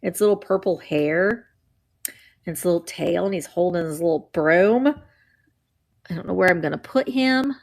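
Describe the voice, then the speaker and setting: A woman's voice: fairly low pitch, unhurried, pauses often, a little mellow. A woman chatting casually while running a live vintage auction, bubbly and playful with sing-song noises.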